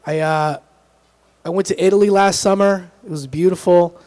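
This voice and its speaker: A man's voice: high voice, steady tone, normal speed, darkish tone. A young man doing stand-up comedy at an open mic in a small club, teasing the crowd and poking fun at himself. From Dominican heritage, grew up in Texas area. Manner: self-deprecating, crowd-teasing punchlines. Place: small live music club. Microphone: handheld stage mic.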